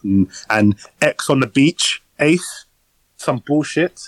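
A man's voice: medium pitch, expressive, slow, crowd noise, low-quality recording. A young man co-hosting a casual podcast, rambling with lots of fillers and casual swearing, recorded on a phone. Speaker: podcast co-host. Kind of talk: casual chat.

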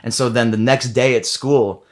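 A young man in casual chat, telling a story loudly and breaking into shouts and laughter. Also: medium pitch, fairly even intonation, moderate pace. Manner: loud, bursts into shouts and laughter. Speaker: guest band member.

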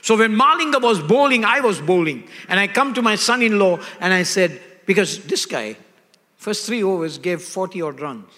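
A man's voice: sits high, expressive, normal speed, pushed and bright. An older man preaching a sermon emphatically, checking in with his listeners through call-and-response questions. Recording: echoey hall.

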